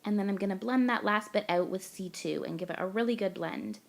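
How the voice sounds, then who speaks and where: A woman's voice: medium pitch, fairly quick, vocal fry. A young woman from Canada, gushing and chatty as she talks through a card-making tutorial voice-over step by step.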